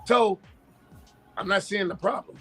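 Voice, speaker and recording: A man's voice: sits high, pushed and bright, soft background music. A man co-hosting a sports talk show, arguing his points and thinking aloud as he goes. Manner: argumentative, pauses to think aloud. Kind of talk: casual sports chat.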